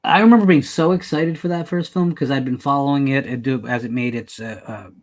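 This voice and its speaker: A man's voice: medium pitch, fairly quick. A man hosting a podcast, chatting casually with wry humor and telling stories. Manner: talkative, wry, storytelling. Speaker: podcast host. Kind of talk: casual chat.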